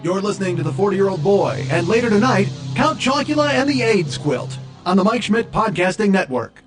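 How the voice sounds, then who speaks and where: A bouncy radio announcer, as a man puts him on, pitched high and swinging up and down. It sounds distant and radio-like, with music playing underneath. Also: big pitch swings, moderate pace. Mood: announcing. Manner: promotional announcer delivery. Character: male radio station announcer.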